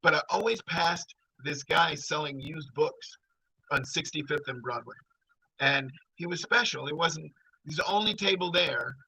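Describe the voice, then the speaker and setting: A man's voice: on the high side, a little slow, pushed and bright, slight background noise, rough recording. A middle-aged man telling a personal story in a rambling, conversational way. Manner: rambling, conversational, full of fillers.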